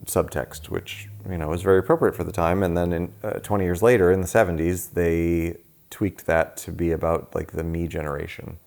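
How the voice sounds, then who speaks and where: A man's voice: deep voice, flat delivery, a little fast, vocal fry, a little mellow. A man co-hosting a casual movie-review podcast, talking with a dry, joking delivery. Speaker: podcast co-host.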